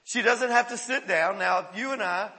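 A man with a high, bright voice preaches a sermon, talking casually to the congregation and breaking into sudden excited bursts. His voice rings out with a long reverb of a large hall. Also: normal speed. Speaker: pastor.

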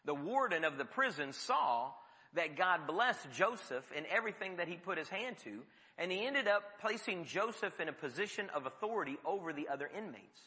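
A male preacher with a fairly high, very bright, cutting voice that carries through a reverberant hall. He preaches in a storytelling way and drops to hushed tones for emphasis. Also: animated, moderate pace. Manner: storytelling with sudden drops to a near whisper. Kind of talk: sermon.

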